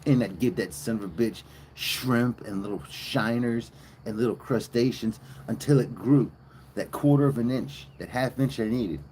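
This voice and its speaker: A man's voice: mid-range voice, normal speed, a little mellow, slight background noise. A man hosting a live stream outdoors on a farm, chatting casually with viewers and telling crude, joking, rambling stories. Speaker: livestream host. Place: outdoors on a farm with cows nearby.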